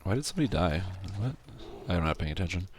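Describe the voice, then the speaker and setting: Male streamer with a scratchy sore throat, lowish voice, rambling play-by-play that breaks into excited yelps. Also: fast. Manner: rambling, with sudden excited outbursts. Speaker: game streamer. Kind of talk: casual gameplay commentary.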